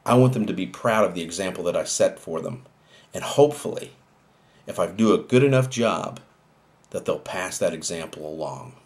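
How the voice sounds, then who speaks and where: A man's voice: low voice, lively intonation, moderate pace, a little mellow. An older man with grandchildren, hosting an inspirational talk about family and giving it in an earnest, reflective, heartfelt way. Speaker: host.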